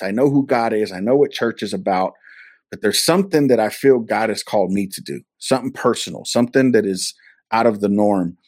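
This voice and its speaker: A man from California with a somewhat low voice gives a personal testimony in a casual interview. He tells it earnestly and acts out the back-and-forth of the conversations he recalls, heard over a video call. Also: darkish tone, no echo, studio quality. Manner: earnest storytelling that acts out quoted dialogue. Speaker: interview guest.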